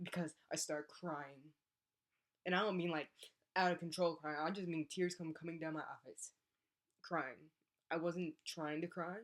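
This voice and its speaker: A young woman, a college athlete, telling a personal story in a casual vlog and acting out the voices of the people in it. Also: deep voice. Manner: animated, acts out voices in her story.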